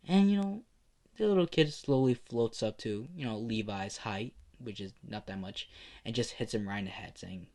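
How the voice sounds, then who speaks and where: A man's voice: on the low side, normal speed, a little mellow. A man narrating a fan story casually, rambling with lots of filler words. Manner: rambling, full of "you know" and "like".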